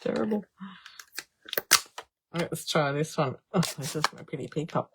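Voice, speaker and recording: A woman's voice: sits low, animated, unhurried, heavy background noise. A woman demonstrating card making on a live stream, chatting and thinking aloud as she decides. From Australia. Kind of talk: live crafting stream chat.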